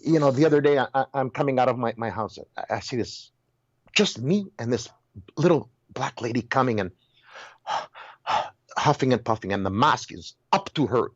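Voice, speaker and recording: Medium in pitch and normal in speed, this man's voice is recorded dry with the highs cut off. Guesting in a heated, casual talk, he's an animated storyteller who exclaims and often restarts and repeats words.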